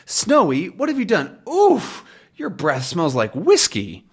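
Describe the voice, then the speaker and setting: An eager, alert young comic-book reporter who exclaims at every discovery, as a man reading aloud puts him on. The voice sits higher than the reader's own and moves a lot. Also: wildly swooping pitch, slow pace, husky, exaggerated voice. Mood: surprised.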